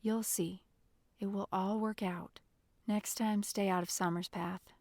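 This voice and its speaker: A woman reading the part of a gentle, encouraging young man in an audiobook, speaking softly and reassuringly. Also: mid-range voice, steady tone, unhurried, dry recording. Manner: soft, hushed and reassuring.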